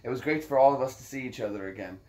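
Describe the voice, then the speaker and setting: A man's voice: mid-range voice, rapid-fire, a little mellow. A man hosting a casual chat, telling rambling, jokey stories. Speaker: host.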